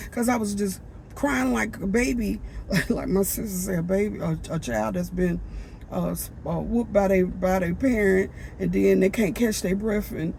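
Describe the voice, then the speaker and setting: A woman giving a personal spiritual testimony, talking in a halting way and repeating phrases as she goes. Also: medium pitch, gravelly, noisy background. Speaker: vlogger.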